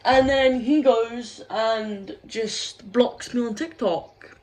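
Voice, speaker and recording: A woman's voice: fairly high pitch, slow, rough recording. Young woman, casual vlog rant, frustrated, rambling, swears a lot. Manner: frustrated, rambling, swears, heavy use of 'like'. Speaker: vlogger.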